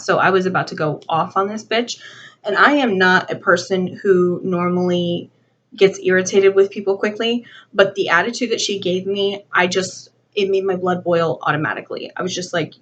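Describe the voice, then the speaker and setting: A woman's voice: medium pitch, a little hiss or hum. Young woman ranting, lo-fi audio. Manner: animated, acts out both sides of a dialogue, heavy use of "like". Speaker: beauty vlogger. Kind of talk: casual storytime rant. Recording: slightly dull lo-fi home video audio.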